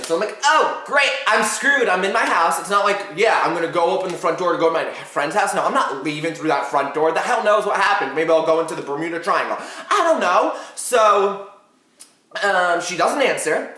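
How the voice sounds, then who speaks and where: A teenage boy vlogger telling a story to camera in a dramatic, excitable way, swearing casually and often asking "right?". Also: high-pitched, normal speed, reverberant.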